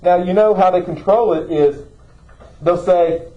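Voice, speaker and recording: A man's voice: high voice, a little slow, mellow, lo-fi sound. A man teaching a classroom lesson, asking students questions and checking in with "okay?". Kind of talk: classroom lecture.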